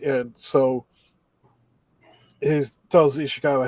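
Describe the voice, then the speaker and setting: A man's voice: medium pitch, steady tone, a little slow, pauses often, no echo. A man co-hosting a casual podcast, recapping anime episodes in a rambling way and acting out the characters' lines. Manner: rambling recap with acted-out quotes. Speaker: podcast co-host.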